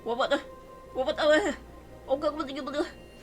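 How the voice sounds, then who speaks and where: A woman streaming a game, reacting emotionally with loud outbursts, laughter and swearing, talking to the game. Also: sits high, moderate pace, over loud music. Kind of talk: live gameplay reactions.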